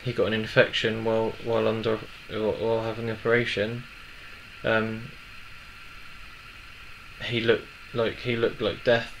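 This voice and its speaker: Halting young man, faint hiss. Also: fairly low pitch, monotone, fairly bright tone, low-quality recording. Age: 20s. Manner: halting, emotional, many restarts. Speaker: vlogger. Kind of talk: personal story, casual.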